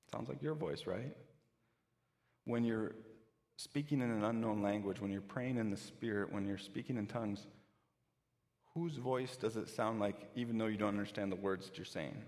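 A man's voice: lowish voice, moderate pace, a little mellow, in a large hall. A pastor giving a conversational sermon, often restarting his sentences.

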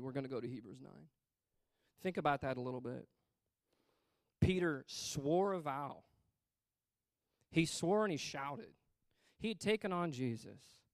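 A man's voice: medium pitch, creaky, no room sound. Emphatic preacher man, dry sound. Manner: swings between loud emphatic bursts and quiet asides; reads scripture aloud with pauses to comment. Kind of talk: sermon.

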